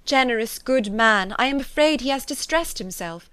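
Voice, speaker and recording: A woman reading a classic novel aloud, voicing an eager, sharp-witted young woman who speaks in urgent exclamations. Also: on the high side, expressive, moderate pace, clear, resonant tone, dry recording, pitched above the performer's own voice. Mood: anxious, urgent.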